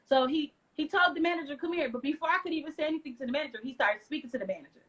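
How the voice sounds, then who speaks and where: A woman from the United States, an interview guest, telling her story in an animated way and acting out what others said. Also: high voice, rapid-fire, rough recording. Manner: lively retelling with acted-out quotes.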